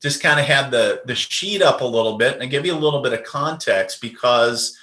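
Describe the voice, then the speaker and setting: A man's voice: medium pitch, a little fast, pushed and bright, echoey room. A man, a podcast guest and medium, telling a personal story in a casual, rambling way with lots of fillers and restarts.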